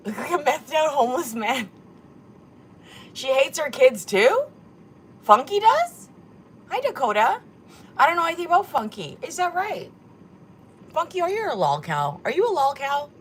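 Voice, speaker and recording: A woman's voice: high-pitched, very animated, moderate pace, pauses often, slight background noise. A woman hosting a casual livestream, reading chat comments aloud and mocking them with plenty of swearing. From Korea. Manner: sassy, mocking, swears a lot. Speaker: livestream host.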